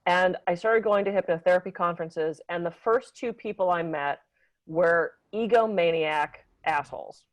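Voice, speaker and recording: A woman's voice: fairly low pitch, dry recording, poor audio. A woman hosting a podcast interview, chatting casually and praising her guest effusively. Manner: effusive and emotional, quick to praise. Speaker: podcast host.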